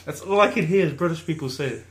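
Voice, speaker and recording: A man's voice: fairly high pitch, quick pace, reverberant. A man in casual chat with friends, brash and laughing, swearing freely.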